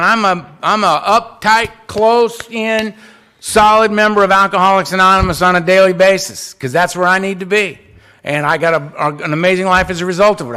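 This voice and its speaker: Bright-voiced middle-aged man telling his story. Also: sits high. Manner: animated, acts out quoted voices, swings between loud and hushed. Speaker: speaker sharing his recovery story. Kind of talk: personal storytelling talk. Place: conference hall.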